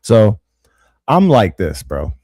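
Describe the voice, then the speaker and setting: Mellow low-voiced host in slangy banter. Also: male voice, huge pitch swings, slow pace, no room sound. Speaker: podcast host. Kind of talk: casual chat.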